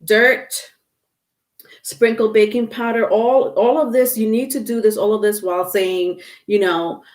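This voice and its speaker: A woman's voice: mid-range voice, steady tone, unhurried. A woman giving a casual tarot reading to her viewers, chatty and instructive, with many fillers and restarts. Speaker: tarot reader.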